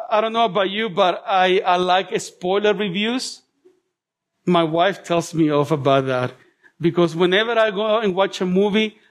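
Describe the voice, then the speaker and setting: High-voiced guy preaching in church, chatty and animated, cracks jokes, goes soft and slow when he prays. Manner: animated, chatty, humorous asides to the congregation; drops to soft, slow prayerful tones. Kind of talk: sermon.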